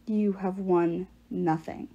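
A woman voicing a menacing giant male ghost who speaks through the mouths of others, slow, cold and gloating. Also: on the low side, fairly even intonation, mellow, lo-fi sound, voice pushed down.

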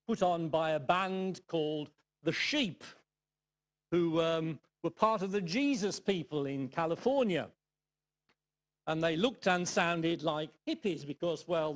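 An older man from England giving a sermon, telling a personal story in a reflective way with dry humour and soft asides. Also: fairly high pitch. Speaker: guest preacher.

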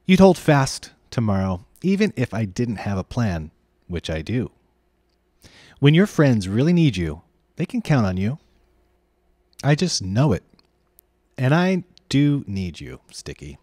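A man reading aloud, voicing a kind, steady young boy who speaks with earnest conviction. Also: mid-range voice, a little slow, pauses often, no echo, clean studio sound. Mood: reassuring.

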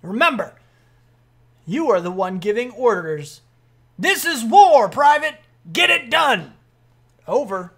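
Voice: mid-range voice, sing-song, slow pace, pauses often, a bit bright, heavily acted. A streamer putting on the voice of a stern male military commander, reading game dialogue aloud in a clipped drill-sergeant delivery. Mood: barking.

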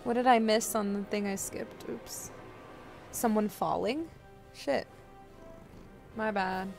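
A woman streaming a video game, chatting casually with her viewers and cooing softly at her cat into a desk microphone. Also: medium pitch, steady tone, slow pace, vocal fry. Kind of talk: casual live-stream chat. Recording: loud game soundtrack under voice. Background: game music.

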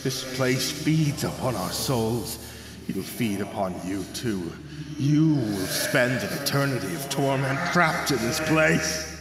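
A man voicing a rotting male ghost who groans slowly of doom. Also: medium pitch, animated, roomy sound, long reverb tail, noisy background. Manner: slow, groaning, from a distance.

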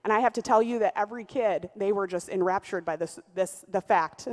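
A woman in her thirties, a pastor with a twangy voice, telling a lively testimony in church with lots of fillers. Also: medium pitch, a little fast. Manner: animated storytelling, many "uh" fillers. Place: church sanctuary. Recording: long church reverb.

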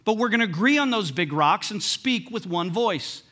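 A man preaching a sermon as pastor in a church, in a conversational, humorous way that swings between hushed lines and emphatic ones. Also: high-pitched, lively intonation, moderate pace. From United States. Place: church sanctuary.

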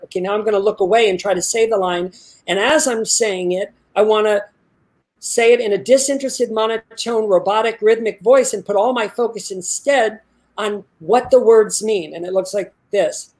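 A man's voice: high-pitched, a little fast. A man teaching an acting workshop, giving feedback and explaining a technique step by step over a video call. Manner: emphatic, explains step by step with repetition. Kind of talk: live workshop coaching.

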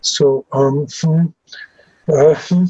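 Husky-voiced man giving halting testimony. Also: a little high, fairly even intonation, mellow, dry recording, dull audio. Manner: halting, with many fillers and restarts. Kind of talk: recounting personal memories in testimony.

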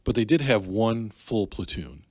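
A middle-aged man from Michigan telling a personal story in casual talk, candid and halting, with many fillers and restarts. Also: fairly low pitch, expressive, dry recording, clean studio sound. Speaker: podcast guest, Navy and Army veteran.

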